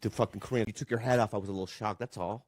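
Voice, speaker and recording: A man's voice: lowish voice, fairly even intonation, racing, darkish tone, no echo. A man chatting casually as a guest, laughing easily and stumbling over his words. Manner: laughs easily, stammers and restarts. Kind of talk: casual chat.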